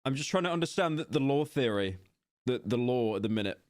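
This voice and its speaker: A man's voice: medium pitch, expressive, fairly quick, darkish tone, dry recording, clean studio sound. A man with a British accent live-streaming a horror game, joking and rambling defensively at chat. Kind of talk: casual live-stream commentary.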